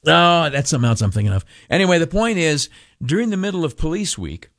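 A man hosting a talk radio show, sarcastic and rambling, stumbling over fillers and restarts. His voice sits a little high for a man. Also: big pitch swings, fast talker, fairly bright tone. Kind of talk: political talk radio commentary.

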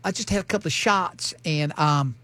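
A man's voice: on the high side, moderate pace, a bit bright, dry recording, natural voice. A man voicing a tipsy Southern mother with a Southern accent, slurring and sing-song as she brushes things off. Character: tipsy Southern mom, slurring, chirpy, in denial.

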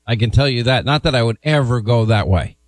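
A man hosting a radio talk show, chatting casually in a rambling way and firing off quick follow-up questions into a studio microphone. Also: medium pitch, expressive, no room sound.

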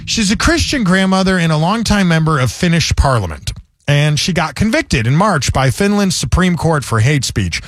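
A man's voice: a little high, sing-song, moderate pace, no room sound. A man hosting a comedy talk show, ranting in a sardonic, joking way in casual chat. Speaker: comedy podcast host.

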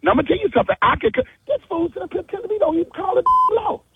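A man's voice: very high voice, very animated, racing, no room sound. A man on a phone call, exasperated and blunt, who keeps repeating himself and telling the caller to hold on. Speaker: prank call target. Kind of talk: heated phone conversation. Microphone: phone line.

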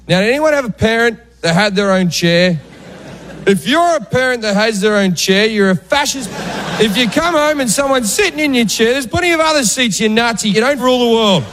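A man on stage telling a comic story, his voice sitting high for a man. He slips into loud, angry bursts for the characters. The live club recording carries clear room and crowd noise. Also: fairly quick. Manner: deadpan storytelling with sudden raised acted outbursts. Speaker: stand-up comedian. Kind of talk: stand-up storytelling.

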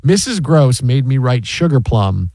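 Animated man in his fifties, close dry sound. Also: medium pitch, unhurried, dry recording. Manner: animated storyteller, repeats "yeah" a lot. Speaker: sports talk host. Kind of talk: casual sports talk banter.

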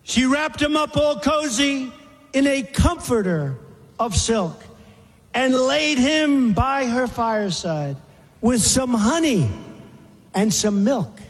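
A man addresses a crowd in a slow, emphatic, dramatic recitation, repeating phrases for weight. His voice sits very high for a man. Long reverb from a large hall follows him. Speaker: speaker at a rally. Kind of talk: recited poem in a speech.

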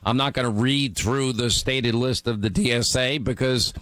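A hoarse middle-aged man hosting a talk radio show, rambling and repetitive as he talks through his busy day. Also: medium pitch, normal speed, a bit bright, dry recording. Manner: rambling, repetitive, self-mocking. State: hoarse from talking all day. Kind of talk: talk radio monologue and banter.

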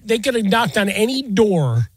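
A man's voice: high voice, sing-song, normal speed, breathy edge, no room sound, studio quality. A man co-hosting a podcast, teasing his partner in casual sports banter. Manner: teasing, wisecracking.

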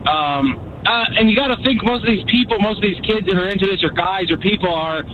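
A man's voice: sits high, a little fast. A man calling in to a radio show, rambling and hesitant with lots of fillers. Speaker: caller. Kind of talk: casual call-in chat. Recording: muffled phone-in line with noise.

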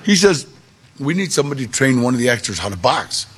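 A man telling a personal story to an audience, animated, with gravelly voice-play in the quotes. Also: mid-range voice, fast. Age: 40s or older. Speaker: guest storyteller.

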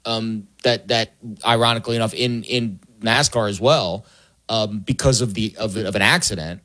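Halting man talking sports. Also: medium pitch, fairly bright tone. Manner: halting, many fillers and restarts. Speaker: sports talk panelist. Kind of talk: casual sports talk.

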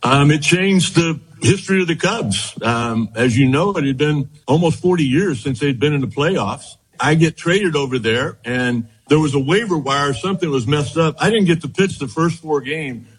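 Middle-aged guy in an interview, raspy-ish voice, rambles through old stories and quotes people, lots of restarts. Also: on the high side, animated, moderate pace, hardly any pauses, rough recording. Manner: rambling anecdotes, quoting others, frequent restarts. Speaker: former baseball pitcher. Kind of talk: storytelling interview.

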